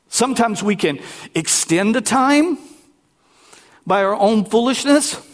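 A man pastor preaching a lively sermon, talking directly to his congregation. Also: high-pitched.

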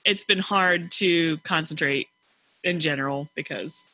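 Laughing woman co-host with a bright voice. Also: deep voice, measured pace, low-quality recording. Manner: laughs often, rambling. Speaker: podcast co-host. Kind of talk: casual chat. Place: home. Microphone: video call.

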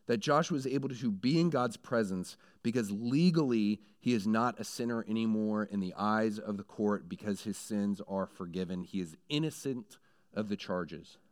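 A man preaching a sermon in a conversational way who builds into animated storytelling. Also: lowish voice, moderate pace. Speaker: pastor.

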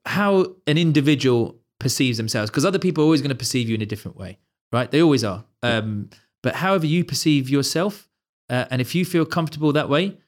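A man's voice: mid-range voice, animated, quick pace, few pauses. A man co-hosting a podcast, teasing the others and laughing often in casual chat. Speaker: podcast co-host.

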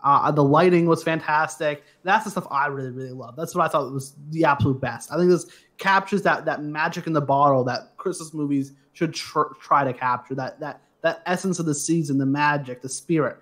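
A man's voice: on the high side, brisk, fairly bright tone. A man hosting a casual movie review podcast, talking with enthusiasm and gushing about the film. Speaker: podcast host.

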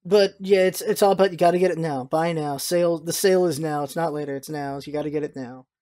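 A mid-pitched speaker talks in casual podcast chat, quick and opinionated. They hammer points home by repeating them. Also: steady tone, darkish tone.

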